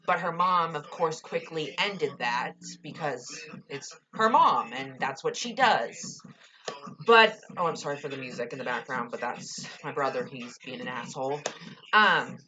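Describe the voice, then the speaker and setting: Young woman ranting about a tv episode, low-ish bright voice, kinda muffled lo-fi audio, says like a lot. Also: expressive, moderate pace. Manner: gushing and ranting, lots of "like" and swearing. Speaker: TV episode reviewer. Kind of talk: casual ranting review.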